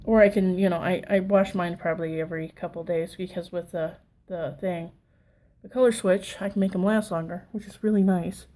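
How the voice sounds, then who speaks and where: A woman's voice: lowish voice, fairly even intonation, brisk, warm tone, rough recording. Chatty Southern woman in her thirties. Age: 30s. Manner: chatty, rambling, self-deprecating. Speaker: makeup vlogger. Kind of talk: casual get-ready-with-me makeup tutorial.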